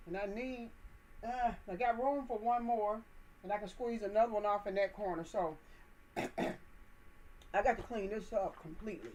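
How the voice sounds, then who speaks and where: A woman's voice: on the high side, darkish tone, poor audio. Chatty folksy woman gardening host. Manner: folksy, chatty, encouraging, addresses viewers as y'all. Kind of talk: casual how-to demonstration. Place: indoors, potting plants.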